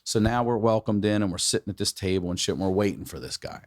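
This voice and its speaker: A man's voice: on the low side, fast talker, dry recording, studio quality. A man telling a long, profane story in casual chat, acting out the voices of the people in it. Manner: profane, animated, acts out quoted voices. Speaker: podcast co-host telling a story.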